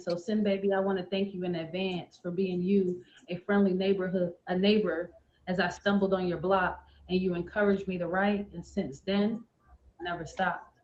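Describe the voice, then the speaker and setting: The livestream audio is dull and lo-fi, with a slight hiss or hum, as a poet recites her spoken word piece. Her pitch is ordinary and her rhyming delivery keeps a steady rhythm.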